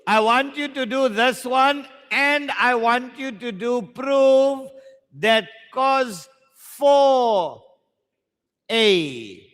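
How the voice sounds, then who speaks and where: A man's voice: extremely high pitch, lively intonation, extremely slow, a bit bright, big-room sound. A South African man teaching maths at a live exam workshop, joking with learners in slangy banter.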